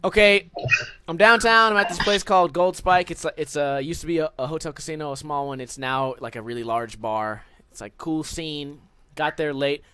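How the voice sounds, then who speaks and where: A young man telling a story on a casual podcast, swearing and ranting with animated energy. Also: on the high side, normal speed, smooth, no room sound. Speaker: podcast co-host.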